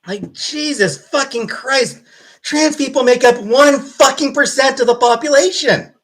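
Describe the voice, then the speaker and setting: A woman's voice: high-pitched, measured pace, poor audio. A woman livestreamer ranting angrily and profanely to her chat, with an exasperated, mocking edge. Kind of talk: live-stream rant.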